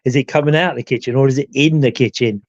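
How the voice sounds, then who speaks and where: Talking fast, this ghost hunter and show regular casually recounts an investigation on a live chat show, rambling with frequent "you know" asides. His voice is medium in pitch, and the recording is dry and lo-fi.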